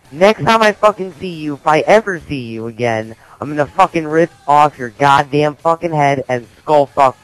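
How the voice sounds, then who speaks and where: A man's voice: a little high, dry recording, poor audio. A man leaving an indignant, mocking voice message over a game headset. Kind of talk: threatening voice message.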